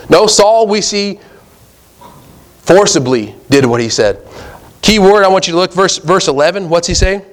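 A man delivers a sermon in a slightly high voice. He reads scripture aloud and talks to his listeners as guys. He drives each point home with rising, emphatic questions. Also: animated, moderate pace, long pauses. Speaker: preacher.

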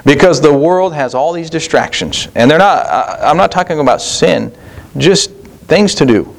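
A man's voice: on the high side, lively intonation, moderate pace, gravelly. A man preaching a sermon as pastor, plain-spoken, with rhetorical questions and frequent restarts.

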